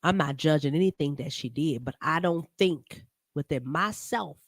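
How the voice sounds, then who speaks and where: A woman's voice: sits low, normal speed, no echo. A woman hosting a live-stream talk show, giving casual, earnest commentary and talking to her viewers by name, sometimes emotional.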